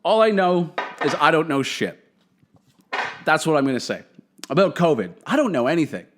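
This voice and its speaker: A man with a fairly high voice hosts a solo comedy podcast. He talks straight into a podcast mic in a profane, opinionated rant, swearing freely as he lays out his views. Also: big pitch swings, moderate pace, noisy background. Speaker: podcast host.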